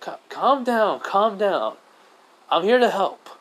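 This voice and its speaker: A man's voice: medium pitch, expressive, normal speed, fairly bright tone, lightly acted, poor audio. Man voicing a young male ninja slime in a fan story, easygoing and a bit unsure, everyday mid-range voice. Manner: mild and casual, hesitant fillers.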